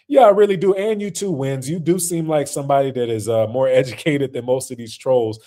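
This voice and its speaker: A man's voice: mid-range voice, brisk, hardly any pauses, mellow. A man hosting a casual reaction stream, talking loosely with lots of slang and fillers and laughing often.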